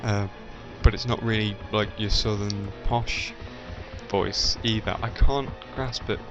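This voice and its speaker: Speaking at a measured pace with fairly even intonation and a lowish voice, this young man from the English Midlands has a generic British accent edged with Midlands. A YouTube let's-player, he rambles through a casual video chat full of ums, hesitations and restarts; the dull lo-fi recording has faint game music.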